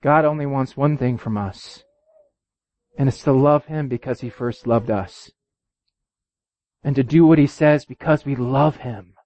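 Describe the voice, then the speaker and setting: A man preaching a sermon, telling a story and reading scripture, his voice swinging from loud and high to low and quiet. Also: a little slow, long pauses, dry recording. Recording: dull, dry lo-fi recording.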